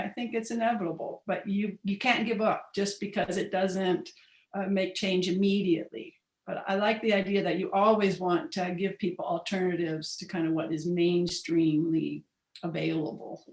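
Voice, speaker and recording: A panelist on an art panel, speaking slowly and reflectively. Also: mid-range voice, echoey room. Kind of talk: panel discussion.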